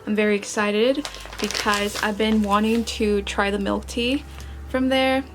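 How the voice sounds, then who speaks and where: A woman's voice: mid-range voice, steady tone, a little slow, background noise. Chatty young woman vlogging at home. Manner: chatty and earnest, with fillers and self-corrections. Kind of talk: casual vlog talk to camera.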